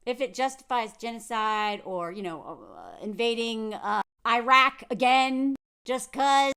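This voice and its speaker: An American woman with a Southern accent ranting sarcastically in a political commentary vlog, swinging between loud and soft. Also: on the high side, a little slow, hardly any pauses, smooth. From United States.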